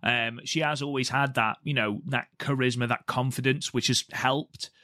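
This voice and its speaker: A man's voice: medium pitch, fairly even intonation, normal speed, sharp tone, dry recording, studio quality. A man co-hosting a podcast, chatting casually and enthusiastically with frequent fillers. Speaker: podcast co-host.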